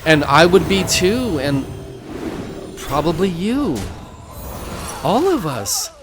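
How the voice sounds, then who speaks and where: A man hosting a game video who preaches between moves, unhurried and repeating his phrases like a sermon. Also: on the high side, sing-song, over music. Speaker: gaming channel host. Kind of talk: gameplay commentary mixed with preaching.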